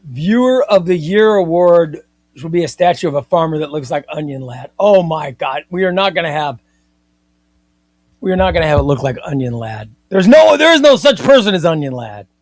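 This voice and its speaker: A man hosting a comics live stream, chatting in an excitable, rambling way and often repeating himself. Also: on the high side, normal speed, dry recording. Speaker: comics livestream host. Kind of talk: casual live-stream chat.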